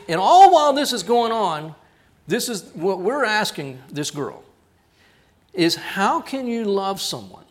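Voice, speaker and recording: Man, pastor, high voice, animated storytelling sermon. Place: church.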